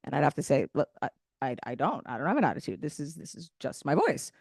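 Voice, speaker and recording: A woman in her thirties performing a stand-up comedy set, loud, brash and opinionated in her delivery. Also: low-pitched, sing-song, fast, gravelly, no echo, clean studio sound. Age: 30s. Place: event stage.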